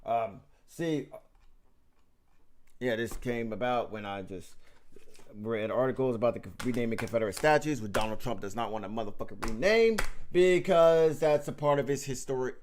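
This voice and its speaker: A man's voice: mid-range voice, moderate pace, a little mellow, a little hiss or hum. A man ranting about politics in a vlog, emphatic and mocking, swearing heavily and rambling with restarts. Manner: rambling with frequent restarts and fillers. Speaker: vlog host. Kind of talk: profane political rant.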